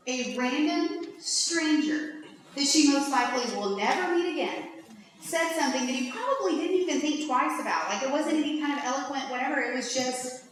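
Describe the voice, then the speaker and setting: Woman, conference speaker, higher bright voice, chatty and animated; echoey hall, mic well off. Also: moderate pace. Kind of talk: faith-based conference talk. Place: large lecture hall. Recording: echoey hall from far off, faint hiss.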